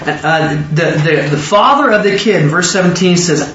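A man with a fairly high, animated and slightly bright voice teaches a Bible study sermon, quizzing listeners with rapid questions and waiting for their answers. The recording is echoey and dull, captured from far off in a room.

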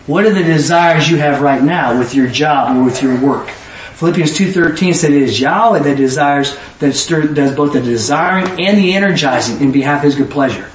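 A man delivers a sermon in a slightly high voice, animated and acting out back-and-forth conversations, now and then rising to a shout. He sounds some distance from the mic in an echoey church hall, with faint noise behind him. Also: normal speed. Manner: animated, rising to shouts, quoting people in dialogue. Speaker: preacher.

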